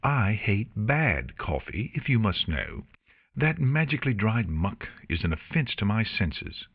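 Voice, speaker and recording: A man voicing a cool, haughty pony princess in a storybook reading, speaking in an even, curt tone. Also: lowish voice, a little slow, breathy edge, no echo, voice pushed up, heavily acted.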